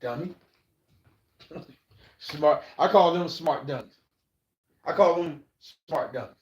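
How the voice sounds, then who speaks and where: A man's voice: on the high side, takes it slowly, roomy sound. A man hosting his own podcast, talking bluntly and profanely as he gives life advice in a rambling monologue that often repeats itself. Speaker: podcast host.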